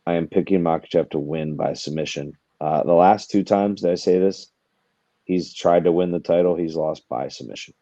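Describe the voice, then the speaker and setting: A man's voice: deep voice, normal speed, mellow, no echo, muffled recording. A man co-hosting a podcast, making his case for sports bets in casual chat, emphatic and repeating himself for effect. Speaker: podcast co-host.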